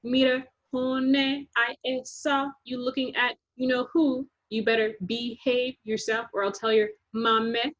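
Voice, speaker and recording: A woman voicing a loud, showy eleven-year-old girl who teases in a sing-song voice and drops in Spanish words. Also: on the high side, little pitch movement, measured pace, hardly any pauses, voice pushed up. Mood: playful. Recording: dull lo-fi recording.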